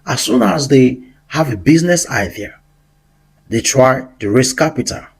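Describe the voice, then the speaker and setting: Husky-voiced man giving business advice. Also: mid-range voice, animated, measured pace. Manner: earnest, storytelling, repeats phrases. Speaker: business podcast host. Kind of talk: motivational monologue.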